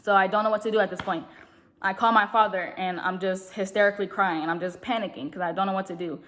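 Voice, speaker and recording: A young woman vlogger telling a long story in a casual, rambling way, talking fast and full of fillers. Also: mid-range voice, fairly even intonation, fairly bright tone. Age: young adult. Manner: speaks fast.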